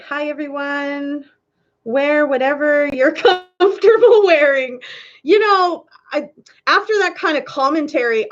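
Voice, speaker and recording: A woman's voice: sits high, fairly bright tone, lo-fi sound. A woman hosting a casual live stream, chatting candidly with viewers and laughing often.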